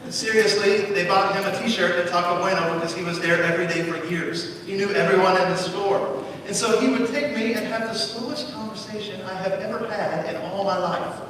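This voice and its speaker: Male pastor, higher voice, storytelling sermon with dry wit; distant mic, long church reverb. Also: fairly even intonation, a little fast, a bit bright. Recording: echoey church hall from far off.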